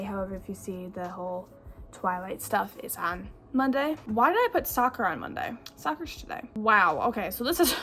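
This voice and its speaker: A woman's voice: a little high, fairly bright tone. A young woman vlogging her day in a casual, rambling, self-deprecating way. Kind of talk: casual vlog chat.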